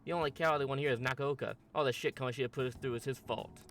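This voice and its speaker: A man's voice: medium pitch, fairly even intonation, very fast, a bit bright, far from the mic, soft background music, natural voice. A man voicing a crude, swaggering teenage bully in a game, blunt and threatening. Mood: menacing.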